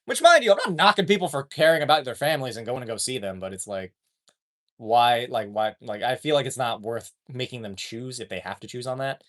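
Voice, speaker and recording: A man's voice: medium pitch, lively intonation, a little fast, a bit bright. A man live-streaming and chatting casually with his viewers. He reads their comments aloud, rambles, trails off mid-sentence and swears offhandedly.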